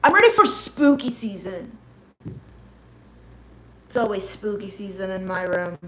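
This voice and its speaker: A slightly bright, high voice belongs to a woman reading chat messages during a comedy livestream. She replies with rants that are sarcastic, gloomy, and mock-goth.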